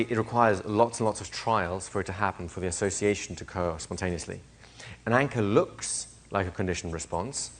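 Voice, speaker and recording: A man lecturing a live class as a hypnosis trainer, animated, asking the room questions and acting out little scenes. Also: fairly low pitch.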